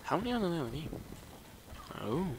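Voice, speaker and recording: A young man giving casual, excitable gameplay commentary, trash-talking and swearing at opponents. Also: a little high, normal speed. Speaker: gamer. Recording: noisy game audio behind. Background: game sound effects.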